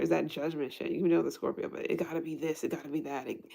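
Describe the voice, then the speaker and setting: A woman's voice: low-pitched, fairly even intonation, fast, gravelly, hardly any pauses, a little mellow. A woman giving a casual tarot reading who thinks aloud, restarts her sentences, swears freely and laughs often. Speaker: tarot reader.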